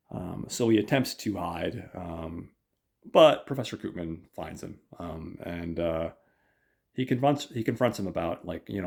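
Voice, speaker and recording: A man's voice: low-pitched, unhurried, vocal fry, darkish tone, breathy edge. A man hosting a podcast, casually recapping an episode in a hesitant way with many fillers. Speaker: podcast host.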